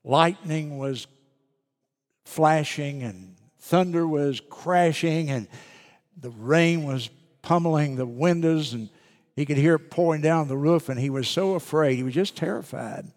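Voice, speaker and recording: A pastor preaches slowly and earnestly, leaning on pauses for emphasis. His voice sits a bit high, and a long reverb fills the church around him. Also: a little mellow. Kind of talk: sermon.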